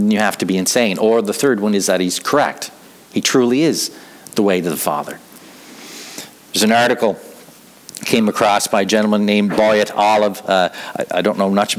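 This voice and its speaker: On a low-quality recording, a middle-aged man delivers an earnest sermon as a pastor. His fairly low voice returns to the same words again and again while he develops an idea.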